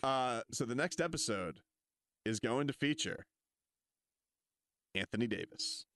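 A man's voice: medium pitch, expressive, a little slow, fairly bright tone, dry recording, clean studio sound. A man hosting a casual sports chat, riffing and joking with his co-hosts. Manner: riffing, joking, slips into impressions. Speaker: podcast host.

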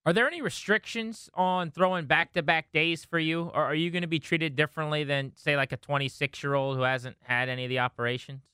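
A male sports radio host with a bright, crisp, fairly high voice. He speaks in a polished, upbeat way, like a presenter. The studio sound is dry and close. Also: steady tone, a little fast, hardly any pauses, no echo.

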